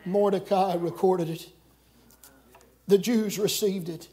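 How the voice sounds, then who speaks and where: A middle-aged man preaching a camp meeting sermon, folksy and joking, breaking into shouts. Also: very high voice, normal speed. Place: church camp meeting with congregation.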